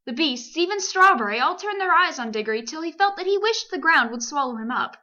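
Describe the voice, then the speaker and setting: A woman from Canada reading a children's novel aloud in a lively, expressive way. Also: high voice, a little fast, dull audio. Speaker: amateur audiobook reader. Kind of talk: storybook narration.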